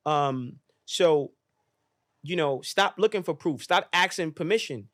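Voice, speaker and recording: A man's voice: fairly high pitch, unhurried, a bit bright. A man giving a motivational talk as a podcast guest, emphatic and repetitive like a preacher, swearing freely.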